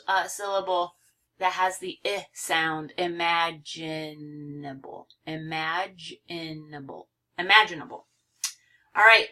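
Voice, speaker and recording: Slow, bright-voiced woman teaching phonics. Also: mid-range voice. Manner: slow, careful, overpronouncing example words. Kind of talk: recorded phonics lesson.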